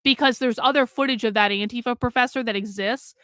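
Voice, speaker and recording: A woman's voice: fairly high pitch, a little fast, a bit bright, dry recording, clean studio sound. A middle-aged woman on a live stream, ranting in fury, swearing and repeating herself. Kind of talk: angry live stream rant.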